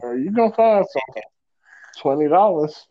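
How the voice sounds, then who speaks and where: A man's voice: on the high side, expressive, dull audio. A man co-hosting a podcast, giving blunt, profane answers in casual banter. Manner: blunt, profane, drawn-out retorts. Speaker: podcast co-host. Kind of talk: casual chat.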